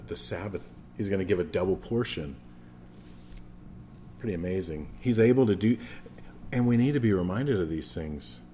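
A man's voice: mid-range voice, a little mellow, slight background noise. A man preaching a sermon as a pastor, emphatic, repeating phrases for stress and often restarting his words.

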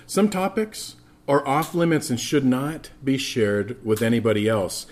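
A pastor preaches to his congregation, his voice sitting at an ordinary male pitch. He tells stories with animation and keeps turning to speak straight to the people in front of him. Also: normal speed. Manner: animated storytelling, addresses congregation directly. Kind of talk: sermon.

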